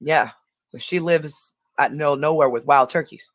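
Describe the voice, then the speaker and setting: A woman's voice: deep voice, fairly quick, no echo. A woman hosting a casual livestream, talking loosely in slang and rambling through her points. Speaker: livestream host.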